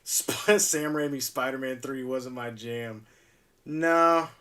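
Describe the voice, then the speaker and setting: A man's voice: medium pitch, takes it slowly, fairly bright tone, far from the mic. A man hosting a live stream, chatting casually and chuckling as he repairs a toy at his workbench. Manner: rambling, laid-back, chuckles often.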